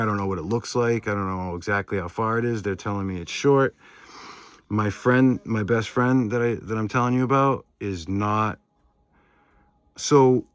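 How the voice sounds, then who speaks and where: A man with a lowish voice tells a long personal story in a loose, rambling way. He swears freely and leans on fillers as he goes. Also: no echo. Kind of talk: casual storytelling.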